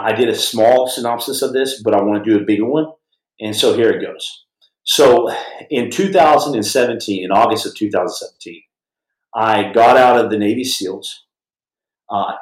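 Rambling man telling a story in a roomy room. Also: lowish voice. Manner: rambling, conversational, full of restarts. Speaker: podcast host and storyteller. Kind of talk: casual spoken storytelling.

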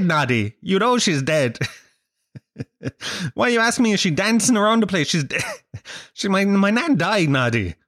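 A man's voice: high voice, a bit bright, dry recording, studio quality. A man ranting in a casual vlog, sweary and sardonic. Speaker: vlogger. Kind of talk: casual rant to camera.

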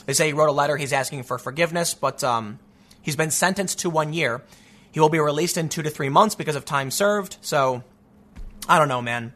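A man's voice: fairly high pitch, a little fast, fairly bright tone. A man hosting his own show, giving casual, opinionated commentary, thinking aloud with frequent restarts and weighing both sides.

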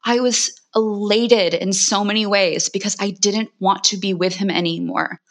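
A woman in her forties, a guest author, talking candidly and emotionally in a quick conversational way, full of "like" fillers. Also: mid-range voice, steady tone. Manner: emotional, fast, frequent "like" fillers.

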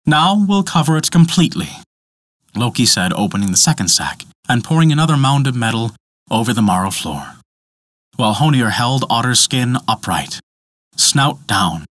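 A male storyteller reading a myth with dramatic expression, his voice rising and falling in lively arcs. The recording is close and dry, with no room echo. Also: on the low side, normal speed. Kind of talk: storybook narration.

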